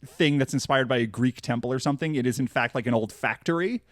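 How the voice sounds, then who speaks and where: A man's voice: mid-range voice, fast talker, no echo, clean studio sound. A man co-hosting a podcast, recapping a cartoon in casual chat, rambling with lots of fillers and restarts. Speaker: podcast co-host.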